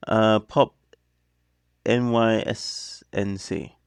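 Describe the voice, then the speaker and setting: A man's voice: fairly low pitch, steady tone, extremely slow, vocal fry. A man hosting a reaction video, chatting casually with joking, rambling asides. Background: song playing underneath.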